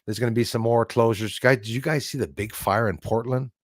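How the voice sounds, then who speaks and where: A man's voice: mid-range voice, steady tone, a little fast, no room sound. Brief: male livestream host, rambling and chatty, dry close mic. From Canada. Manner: rambling, chatty, thanks viewers by name. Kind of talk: casual livestream chat.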